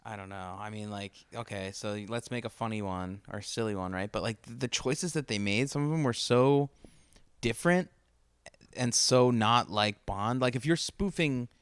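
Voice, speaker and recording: A man's voice: on the low side, normal speed, smooth, dry recording. A man co-hosting a film podcast, musing hesitantly about the movie. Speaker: podcast co-host. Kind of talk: casual film discussion.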